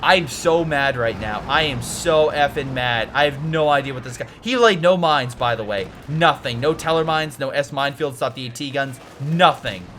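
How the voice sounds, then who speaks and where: A man giving casual commentary on a strategy game replay, excitable and ranting, swearing and swinging from mutters to yells. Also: mid-range voice, moderate pace, few pauses, slight background noise.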